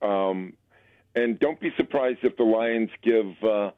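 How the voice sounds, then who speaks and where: A male caller with a fairly low voice, heard over a dry, tinny phone line. He talks in an easygoing, hesitant way and fills the gaps with ums and uhs. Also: slow, smooth, no room sound. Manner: easygoing, hesitant, with many fillers. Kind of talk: phone-in call.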